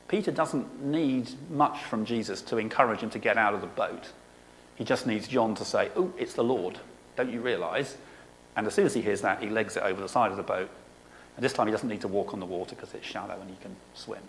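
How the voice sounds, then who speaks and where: A man giving a sermon, reading scripture aloud and explaining it in a conversational way, often pausing on "okay". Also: fairly low pitch, vocal fry, a little hiss or hum, poor audio. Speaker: preacher.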